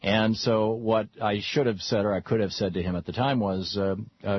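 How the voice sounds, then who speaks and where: A man's voice: fairly low pitch, fairly even intonation, normal speed, few pauses, husky, no room sound. A man hosting a call-in radio talk show, talking in long rambling runs with frequent restarts. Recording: dull lo-fi radio broadcast.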